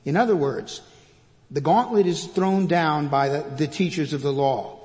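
A man preaching a sermon as pastor, reading scripture loudly and dropping to quiet asides. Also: fairly high pitch, moderate pace, long reverb tail.

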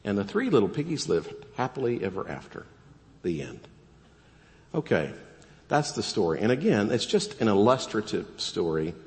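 Joking lowish-voiced preacher in a reverberant church. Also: male voice, normal speed. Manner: casual, joking, animated storytelling. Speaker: pastor. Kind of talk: sermon. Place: church sanctuary.

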